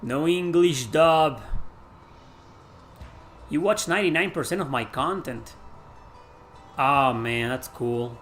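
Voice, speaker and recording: A man doing live gameplay commentary, chatting with viewers, swearing and shouting at the game. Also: on the high side, slow, pauses often, slight background noise. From Mexico. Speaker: gaming streamer.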